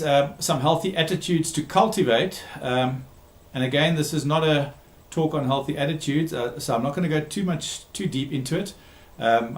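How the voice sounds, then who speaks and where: A man who works as a therapist gives a recorded talk, speaking emphatically, repeating key words and pausing with frequent ums. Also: on the high side, reverberant. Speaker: therapist giving a talk series.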